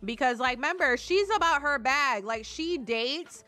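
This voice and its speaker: A woman's voice: high-pitched, moderate pace, faint music behind. Slangy young woman gaming host. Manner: slangy, expressive, profane. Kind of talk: casual gameplay commentary.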